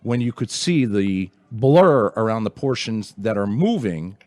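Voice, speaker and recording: A man hosting a call-in radio show, explaining things in quick, rushed bursts. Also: on the low side, sing-song, a little mellow, no room sound. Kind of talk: casual radio chat.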